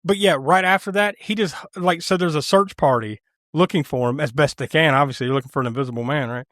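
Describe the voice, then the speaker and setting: A man's voice: a little high, fast talker, dry recording, studio quality. A man co-hosting a podcast, retelling a film scene by scene in casual chat, laughing, swearing and acting out lines. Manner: animated storyteller, acts out scenes in funny voices, swears, laughs often. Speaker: podcast co-host. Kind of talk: casual movie review chat.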